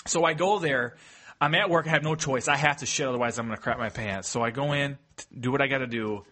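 A man telling a crude workplace story on a podcast, animated and laughing as he goes. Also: mid-range voice, fast. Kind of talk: casual storytelling.

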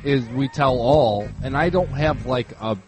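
A man's voice: mid-range voice, a little slow, rough recording. Easygoing podcast host guy, chatty, music behind. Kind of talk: casual chat.

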